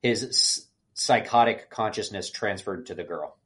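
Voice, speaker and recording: A man's voice: on the low side, measured pace, fairly bright tone. A man co-hosting a casual podcast who picks apart a film's plot and acts out scenes in raised voices. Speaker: podcast co-host. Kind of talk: casual movie review chat.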